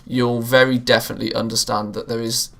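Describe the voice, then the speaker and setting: A man's voice: medium pitch, little pitch movement, fairly quick, creaky, fairly bright tone. A British man hosting a live gaming stream, chatting casually with viewers and laughing often. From England, near Liverpool. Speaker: livestream gamer host.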